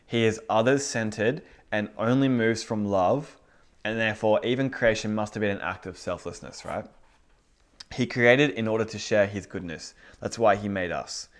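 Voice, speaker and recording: Man, preacher, casual bible teaching, lowish voice, rhetorical questions. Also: normal speed. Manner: informal, rhetorical questions, acts out inner voices.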